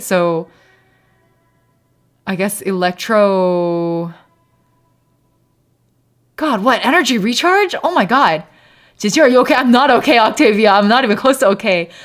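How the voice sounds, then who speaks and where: A woman live-streaming a game, chatting casually and thinking aloud, breaking into laughs and sometimes slipping into Mandarin. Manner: laughs often, bursts into high excited yelps. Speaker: variety streamer.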